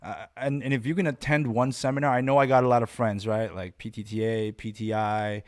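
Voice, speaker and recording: A man hosting a casual podcast monologue, talking in a blunt, profane, rambling and animated way as a martial arts instructor. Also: fairly low pitch, fairly quick.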